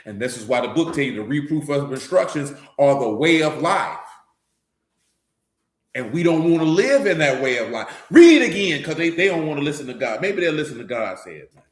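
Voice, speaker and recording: A man's voice: a little high, sing-song, normal speed. A man preaching a sermon in blunt, scolding street talk, calling his listeners out to their faces. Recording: echoey room.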